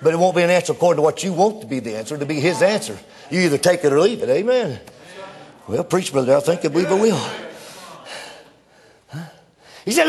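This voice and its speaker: A male preacher delivering an animated sermon that swings between hushed and shouted lines. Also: on the high side, moderate pace, vocal fry, pauses often, breathy edge.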